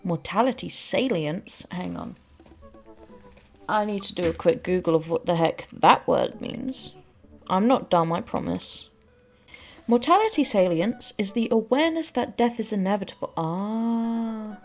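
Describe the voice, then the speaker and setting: A woman's voice: medium pitch, lively intonation, measured pace, soft background music. A woman giving rambling, self-deprecating casual commentary while playing a game. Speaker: let's play host.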